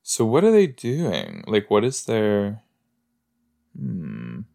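A man's voice: fairly low pitch, wildly swooping pitch, takes it slowly, creaky, mellow. A man hosting a podcast, reacting casually and jokingly while watching an episode. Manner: chatty, joking, thinks aloud with fillers. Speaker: podcast host.

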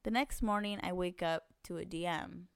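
A woman's voice: lowish voice, normal speed, clear, resonant tone, no room sound, clean studio sound. A young woman co-hosting a podcast, telling a story in casual chat, swearing and laughing often. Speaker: podcast co-host.

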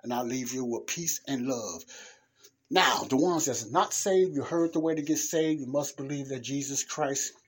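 A husky-voiced man delivering an informal sermon on his own podcast. He talks earnestly and emphatically, hammering points home by repeating them. His pitch sits in a middle range. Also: normal speed. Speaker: podcast preacher. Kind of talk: informal preaching monologue.

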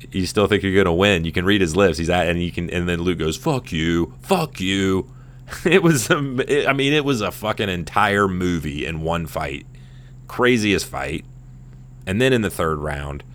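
A man in his thirties hosting a casual sports chat, telling a fight story in a profane, rambling, animated way. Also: deep voice, slight background noise. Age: 30s. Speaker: podcast host.

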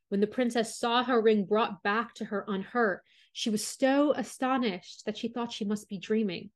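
Calm woman reading a fairy tale. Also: a little high, unhurried, hardly any pauses. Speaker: storyteller. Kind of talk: storybook read-aloud narration.

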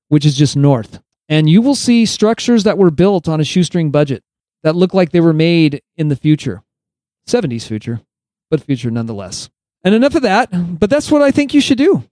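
A man's voice: fairly high pitch, warm tone, no room sound. A male podcast host delivering opinionated solo commentary, sarcastic and emphatic, lecturing his listeners.

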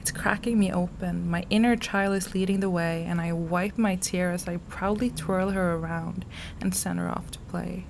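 A woman reading aloud from her personal journal, soft and slow, sometimes dropping to a whisper. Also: on the low side, fairly even intonation, creaky, slight background noise. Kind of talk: intimate journal reading, poetry-like.

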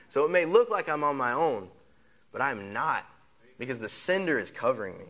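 A man's voice: medium pitch, big pitch swings, normal speed, a bit bright. Man preaching in repeated rhetorical questions. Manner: leads the congregation in call-and-response. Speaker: pastor. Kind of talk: sermon.

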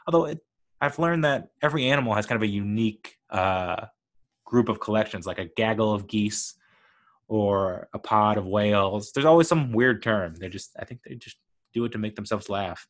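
A man with a lowish voice reviews a TV show casually and enthusiastically, rambling along with plenty of fillers like "uh" and "like."

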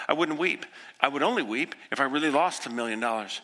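A pastor in his sixties delivering an earnest sermon, moving from hushed, quiet passages to impassioned ones. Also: mid-range voice, fast talker. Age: 60s. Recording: echoey hall with long reverb.

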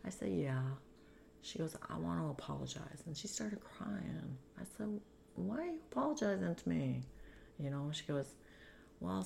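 Very deep-voiced woman with gravelly fry. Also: dark tone, a little hiss or hum. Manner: chatty, many fillers, acts out quoted people. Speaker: guest telling her life story. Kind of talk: casual conversational storytelling.

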